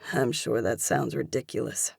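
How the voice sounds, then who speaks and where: A woman's voice: extremely low pitch, steady tone, moderate pace, creaky, breathy edge, no echo, clean studio sound, voice pushed down, exaggerated voice. A woman narrator voicing a confident, playful young male cage fighter in an audiobook, with an easygoing, teasing manner. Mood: earnest. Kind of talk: audiobook character voice.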